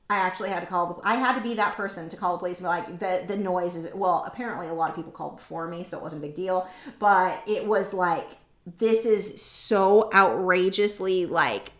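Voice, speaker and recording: A woman's voice: medium pitch, a bit bright. A woman hosting a casual art livestream, rambling chattily and reading out viewer comments. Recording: roomy echoey room.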